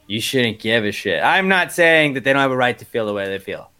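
A man co-hosting a podcast, chatting casually and ranting in an animated, slangy way. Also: medium pitch, a little fast, clear, resonant tone. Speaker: podcast co-host. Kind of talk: casual chat.

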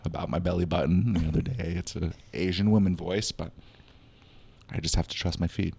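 A man's voice: deep voice, fairly even intonation, brisk, creaky, darkish tone, husky. A man co-hosting a podcast in casual chat, rambling and joking with lots of fillers. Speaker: podcast co-host, spiritual teacher.

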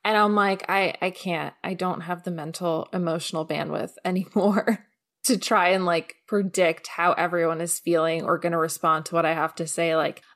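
Young female podcast host, casual and chatty, quick outbursts. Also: lowish voice, fairly even intonation, a bit bright.

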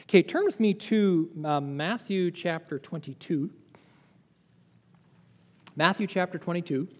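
High-voiced preacher in a reverberant hall. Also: male voice, unhurried. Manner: lively, conversational teaching with rhetorical questions. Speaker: pastor. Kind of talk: sermon.

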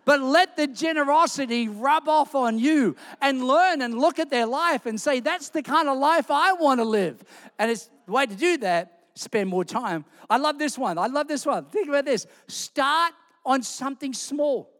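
A male preacher delivers a sermon full of humorous stories and lively asides. His voice sits very high for a man, and it rings out with the long reverb of a large church. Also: moderate pace. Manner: animated storytelling with humor. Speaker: guest pastor.

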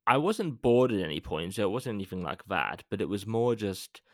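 Deep voiced guy on a film podcast, dry close sound, slow and thoughtful with lots of ums. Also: very animated, no room sound. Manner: measured, hesitant with fillers. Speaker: podcast co-host. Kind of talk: casual film discussion.

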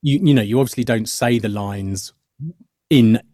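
A man's voice: mid-range voice, moderate pace, warm tone, no room sound, clean studio sound. A middle-aged man, an actor guest on a podcast, explaining his craft thoughtfully with many fillers and restarts. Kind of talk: podcast interview.

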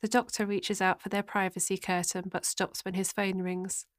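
A woman narrating an audio drama, reading scene directions in a steady voice. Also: mid-range voice, normal speed, no room sound.

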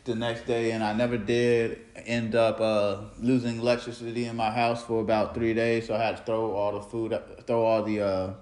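A man's voice: fairly low pitch, flat delivery, normal speed, few pauses, a little mellow. Rambling man in an echoey room. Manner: loose storytelling with slang and restarts. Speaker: podcast host. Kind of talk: rambling casual monologue.

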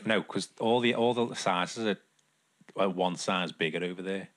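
A young man co-hosts a podcast in a low-pitched, fairly bright voice at normal speed. He chats casually, rambling and poking fun at himself, with plenty of fillers.

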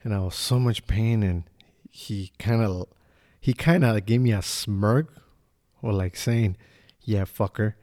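A man's voice: fairly low pitch, a little slow, a little mellow. A man hosting a podcast, telling a personal story in a casual, profane, laid-back way and acting out what people said. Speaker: podcast host.

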